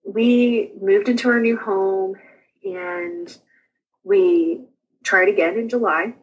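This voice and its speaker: A young woman with a slightly husky voice tells her own story as a guest on an interview show. She talks casually and quickly, with chatty asides, and laughs often through her anecdotes. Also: a little high, lively intonation, dull audio.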